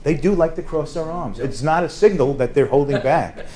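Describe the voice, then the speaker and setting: A man with a New York accent teaching a sales seminar, talking fast and loud with a joking, animated manner. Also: on the high side. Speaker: sales trainer. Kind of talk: classroom sales seminar talk.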